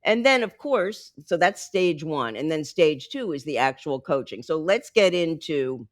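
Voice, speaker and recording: A woman who coaches executives on speaking, talking with lively, emphatic emphasis in a podcast interview. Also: low-pitched, a little slow, no room sound, clean studio sound. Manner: lively, emphatic, teaching by example. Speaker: executive communication coach, guest.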